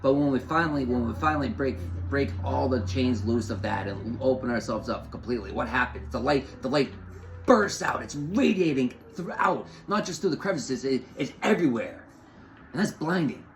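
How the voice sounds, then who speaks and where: A man's voice: medium pitch, a little fast, faint music behind, rough recording. A man giving an off-the-cuff spiritual talk, rambling and repeating phrases with lots of fillers. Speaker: spiritual host.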